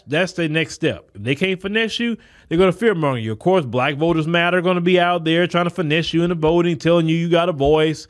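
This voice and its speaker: A man hosting a podcast, delivering a blunt, emphatic solo commentary that restarts and repeats words as he pushes his points. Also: on the high side. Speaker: podcast host. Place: Texas.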